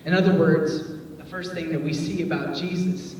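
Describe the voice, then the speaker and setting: A youth pastor from Detroit giving a casual, joking sermon, chatty and full of filler words. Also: male voice, fairly high pitch, fairly even intonation, normal speed, hardly any pauses, darkish tone. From Detroit, USA. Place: church hall. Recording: echoey hall, voice from far off, faint noise.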